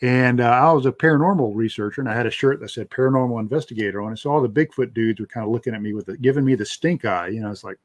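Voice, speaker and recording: Male guest, mid pitch, relaxed rambling delivery with lots of "you know", dry close mic. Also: racing, few pauses, dry recording. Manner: relaxed, rambling, many fillers. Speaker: paranormal researcher guest. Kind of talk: casual interview talk.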